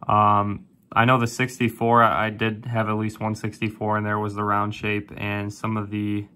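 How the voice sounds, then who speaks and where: A man's voice: monotone, moderate pace, bright, forceful tone. A man hosting a coin hunting video, casually calling out dates as he sorts coins. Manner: calls out coin dates one after another in a low-key way. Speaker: coin roll hunting channel host. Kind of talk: casual narration while sorting coins.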